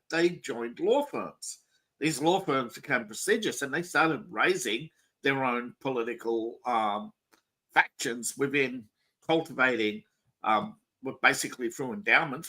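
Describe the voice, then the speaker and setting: A man's voice: mid-range voice, pushed and bright, breathy edge, poor audio. A man hosting a casual political talk show, rambling and opinionated, with frequent restarts. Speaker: podcast host.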